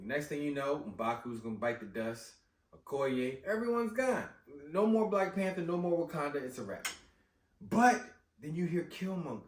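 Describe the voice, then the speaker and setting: Animated, slangy man recapping a movie. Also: a little high, moderate pace, slight background noise. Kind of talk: casual movie recap chat. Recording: roomy echo, distant mic.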